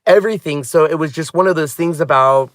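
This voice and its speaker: Sitting in a car, a craft channel host talks in a loose, sincere vlog chat that keeps drifting into tangents. He speaks fairly quickly in a slightly high voice, and there's a little hiss or hum in the audio.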